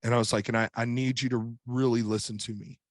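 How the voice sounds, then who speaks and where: A man's voice: medium pitch, flat delivery, quick pace, no echo. A middle-aged man with an ordinary mid-range voice speaks as a podcast guest, earnest and open, circling back with repeated "and, and" starts as he builds his story. His voice is recorded close and dry, with no room sound. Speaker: podcast guest, author and coach. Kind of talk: casual chat.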